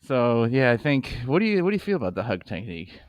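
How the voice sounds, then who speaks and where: A man's voice: mid-range voice, big pitch swings, fast talker. A man co-hosting a comedy snack podcast, reading articles aloud and laughing often. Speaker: podcast co-host. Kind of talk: casual comedic chat.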